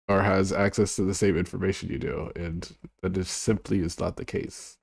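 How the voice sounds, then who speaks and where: Low, mellow-voiced male streamer. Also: normal speed, gravelly, no echo, studio quality. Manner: rambling, mumbles to himself, trails off. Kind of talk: casual stream chat.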